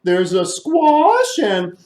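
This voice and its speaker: An excited elephant in a children's story, squealing high and loud. The pitch swings widely. It sounds eager to join in. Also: male voice, extremely slow, roomy sound, heavily acted. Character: big eager elephant with a booming entrance.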